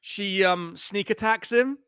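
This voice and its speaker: A man co-hosting live movie commentary, chatting with excitable, laughing banter. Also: high voice, slow pace, clear, resonant tone, no room sound, studio quality. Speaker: co-host.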